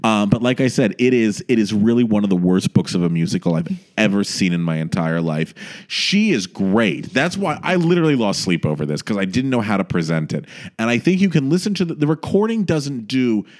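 A man co-hosting a casual chat, talking in an animated, gushing way with quick asides. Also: lowish voice. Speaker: podcast co-host. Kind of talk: casual chat about musical theater.

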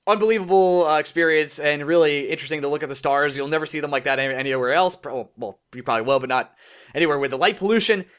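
A young man co-hosting a casual podcast, telling a story with animated quoted voices. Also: fairly high pitch, quick pace, smooth. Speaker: podcast co-host. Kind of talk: casual chat.

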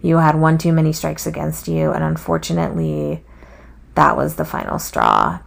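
A woman's voice: low voice, animated, normal speed, vocal fry. A woman in casual chat who probes with pointed questions and weighs in with her own view. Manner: probing, asks pointed questions. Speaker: podcast co-host, family member.

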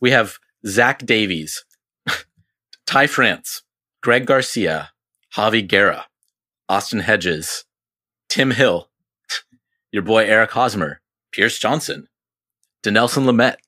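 A man's voice: fairly low pitch, expressive, slow pace, pauses often, pushed and bright. A man co-hosting a casual sports chat, laid-back with dry humor and hesitant fillers. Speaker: podcast co-host.

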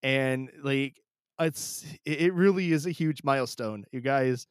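Speaking slightly slowly, this podcast host has a clear, resonant, mid-range voice and sits close to the mic with no echo. He talks solo and casually on his own show, emotional and on the verge of tears, wandering and restarting again and again.

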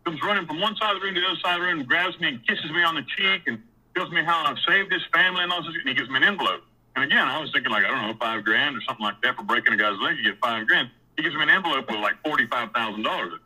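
On poor audio, a man with a slightly high, breathy voice talks rapid-fire about his own life. He rambles casually, using blunt, profane language with many restarts and repeated words, and gets animated recounting scenes.

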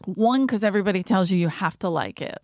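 A woman hosting a podcast in casual chat, telling profane, animated stories and acting out what people said. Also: mid-range voice, fast, dry recording, studio quality. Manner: profane, animated storytelling with acted-out quotes. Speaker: podcast host.

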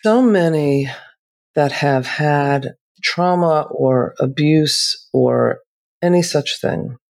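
A woman talking as a therapist on a podcast, calm and measured, slowing down to make her points. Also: sits low. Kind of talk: reflective podcast conversation.

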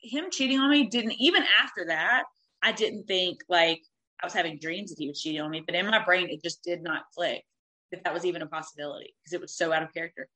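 A woman in her thirties telling a personal story candidly, animated and swearing freely, acting out what people said. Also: fairly low pitch, fast, rough recording. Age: 30s.

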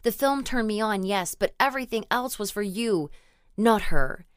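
A woman's voice: medium pitch, lively intonation, normal speed, clean tone, dry recording, clean studio sound, pitched above the performer's own voice, close to an everyday voice. Devoted older lover, tender and pleading, read by the woman narrating the audiobook. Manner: pleading, then tender and reminiscing. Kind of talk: audiobook character reading.

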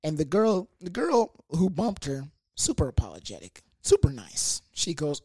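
A young adult speaker spins a rowdy party story with swearing and slang, full of asides and fillers. The delivery is lively and comedic, sitting at a middle pitch. The sound is close and dry, with no room echo. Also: moderate pace, few pauses, slightly rough. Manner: animated, profane, comedic storytelling. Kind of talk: casual storytime monologue.

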